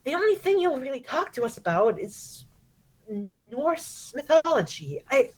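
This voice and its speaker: A woman voicing a gentle, patient mother who speaks softly and carefully in a tabletop role-play. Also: sits high, big pitch swings, a little slow, pitched above the performer's own voice, rough recording. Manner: soft, careful, soothing.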